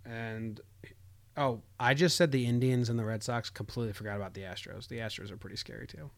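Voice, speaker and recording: A man's voice: medium pitch, fairly even intonation, brisk, vocal fry. Blunt, ranting young man talking baseball. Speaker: podcast co-host. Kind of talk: casual sports chat.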